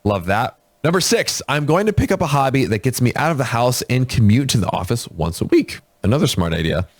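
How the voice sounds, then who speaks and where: A man hosting a casual show, reading a post aloud with expressive delivery and brief dry remarks. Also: mid-range voice, fairly quick, dry recording. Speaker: host reading posts aloud.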